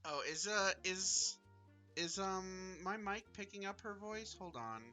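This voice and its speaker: A man streaming a game live, chatting casually in an excitable, rambling way, with frequent swearing and fillers. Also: sits high, unhurried, soft background music.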